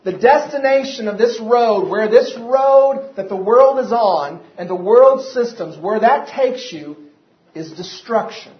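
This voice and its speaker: High-voiced preacher in a roomy hall. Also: male voice, animated, unhurried. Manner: preaching with rising emphasis and repeated rhetorical questions. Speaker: pastor. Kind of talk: sermon. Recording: roomy, dull lo-fi church recording.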